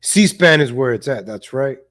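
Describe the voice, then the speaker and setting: A man's voice: mid-range voice, expressive, a little slow, a bit bright. A man hosting a live stream, giving blunt, casual political commentary with cursing and frequent laughs. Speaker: livestream host.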